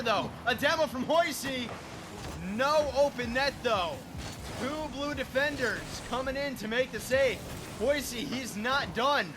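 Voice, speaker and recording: Brief: male esports color caster, very high voice, noisy background hiss. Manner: measured analysis that rises to shouts at big moments. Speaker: color commentator. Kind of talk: esports commentary.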